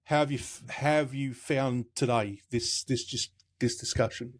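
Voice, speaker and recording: A male host in casual chat, talking in a halting, stammering way as he wraps up the episode. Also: mid-range voice, fairly even intonation.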